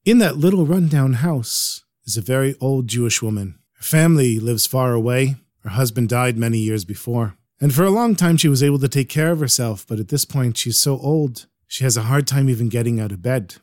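A man narrating a religious story in an animated, expressive way. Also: medium pitch, fairly quick, few pauses, no echo, clean studio sound.

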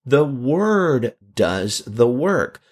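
A man delivering a sermon in an animated storytelling manner. His pitch moves widely, jumping high on emphatic lines and dropping low for asides. He speaks at a middling pitch. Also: extremely slow. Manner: animated preaching with emphatic rises; storytelling, quoting another preacher. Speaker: pastor.

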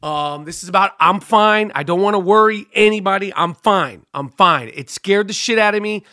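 A middle-aged man, hosting a podcast and telling a profane, animated comic story that acts out the other voices. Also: high voice, moderate pace, dry recording, studio quality. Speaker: podcast host.

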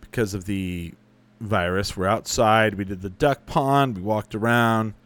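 A man's voice: on the low side, measured pace, fairly bright tone. A young adult man chatting casually as a podcast host, answering listener questions with rambling, profane, self-correcting stories. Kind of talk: casual chat.

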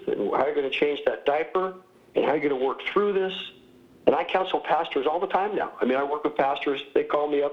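A man's voice: a little high, lo-fi sound. A man in his sixties, a former pastor, talking candidly and self-mockingly as an interview guest, often laughing. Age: 60s.

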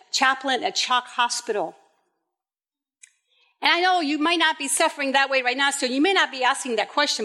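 A woman preaching a sermon, telling the story in a lively way and acting out the quoted voices. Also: high-pitched.

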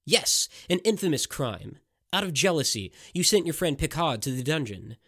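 A man's voice: fairly high pitch, big pitch swings, normal speed, a bit bright, dry recording, clean studio sound, exaggerated voice. A man voicing a vengeful masked male stranger who lays out his crimes in a relentless, accusing voice.

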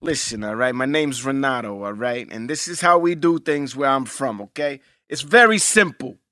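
A man voicing a tough Italian New York man with a low, clipped New York Italian accent. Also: lively intonation, moderate pace, bright, forceful tone, no room sound, studio quality.

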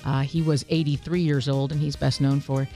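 A woman reading entertainment news on a morning radio show, chatty and quick to laugh. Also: a bass voice, flat delivery, dark tone, soft background music. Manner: chatty, laughs through stories. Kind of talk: casual radio news segment.

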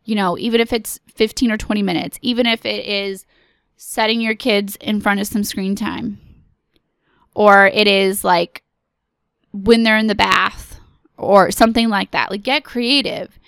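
A woman's voice: mid-range voice, steady tone, unhurried, creaky, a bit bright, clean tone, no room sound, clean studio sound. A woman in her thirties hosting a podcast, giving a casual, earnest pep talk to other moms. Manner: earnest, pep-talk, direct address to listeners. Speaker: podcast host.

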